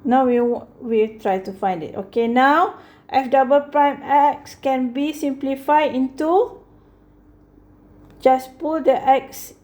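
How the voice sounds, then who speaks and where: A woman teaching a math lesson, explaining slowly and patiently. She often checks in with "okay" and corrects herself mid-sentence. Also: high voice, darkish tone.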